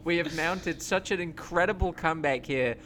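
A man in casual sports chat, talking in an excited, rambling way with many fillers. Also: on the high side, normal speed, slight background noise.

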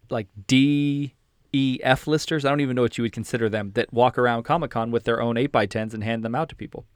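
A man's voice: mid-range voice, fairly even intonation, brisk, clear, resonant tone, no echo, studio quality. A man in his thirties hosting a podcast in casual chat, laughing often, joking and swearing freely. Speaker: podcast host.

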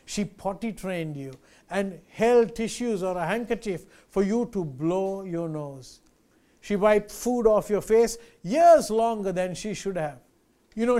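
A man's voice: sits high, darkish tone. A male pastor preaching a sermon, earnest and emphatic, repeating key phrases and addressing listeners as friends.

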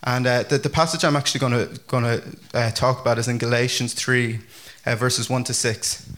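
Pastor, male, bright ringing tone, chatty loose delivery with lots of fillers. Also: medium pitch, fairly quick. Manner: chatty, animated, many fillers and restarts. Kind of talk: casual conversational sermon.

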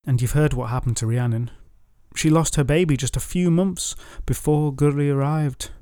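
A man speaking as an earnest lord of legend in formal, solemn words, with a mellow voice. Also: on the high side, moderate pace, dry recording, studio quality, close to an everyday voice.

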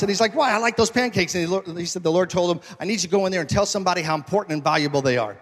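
Male pastor, high-ish voice, animated sermon storytelling, long church reverb. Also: fast. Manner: animated, acts out quoted voices, jokes with congregation.

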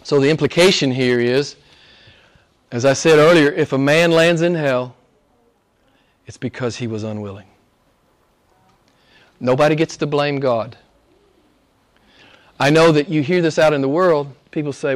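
A male pastor delivering a sermon, his fairly high voice climbing to loud, ringing peaks before dropping to near-whispers. He draws out important words slowly, leaning into each phrase for emphasis. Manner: swings between loud high-pitched exclamation and hushed, near-whispered asides. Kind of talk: expository sermon.

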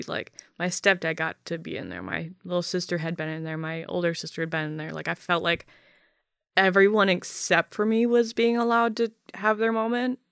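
A young woman in a casual podcast conversation, her voice gravelly with fry yet smooth and clear. She talks haltingly, full of fillers and restarts, and swears bluntly. The sound is dry and close. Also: fairly low pitch, fairly bright tone, dry recording. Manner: blunt and profane.

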